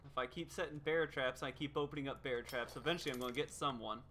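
A man's voice: medium pitch, fast, a bit bright, a little hiss or hum. A man streaming a video game live, playfully taunting the other players as he commentates.

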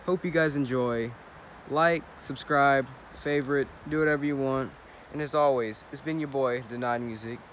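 A man's voice: medium pitch, normal speed, a bit bright, a little hiss or hum. A young man talking casually and upbeat in a sports vlog, first outdoors after a game and later at home. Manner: upbeat, chatty, loose. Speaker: vlogger.

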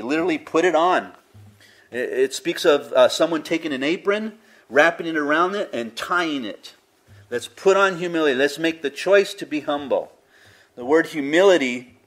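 A man preaching a sermon in an earnest, conversational way, building emphasis on key phrases. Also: fairly low pitch. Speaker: pastor.

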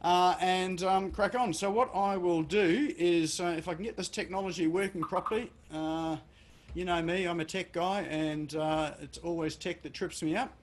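A man's voice: high-pitched, fairly even intonation, moderate pace. An Australian man hosting a video call, casual and full of fillers and restarts. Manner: hesitant, many fillers. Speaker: webinar host.

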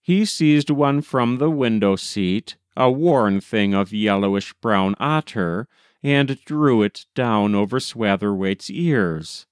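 Male audiobook narrator, measured and gentle, unhurried with a smooth, dry close-up sound. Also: fairly low pitch, no room sound. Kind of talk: scripted narration.

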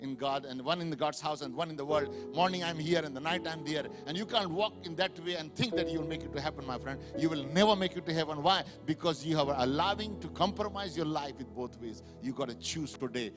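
A male pastor preaching a sermon to a live congregation, building from quiet reflection to loud, fervent exhortation. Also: on the high side, a little fast, music in the background. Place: church sanctuary with live congregation.

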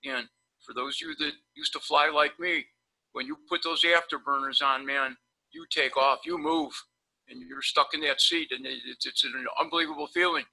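A man with a very bright, somewhat high voice rambles through anecdotes in an animated, blunt way. He talks casually over a video call, like a dentist chatting shop with colleagues. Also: moderate pace, vocal fry, rough recording. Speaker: periodontist guest. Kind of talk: casual storytelling on a webinar.

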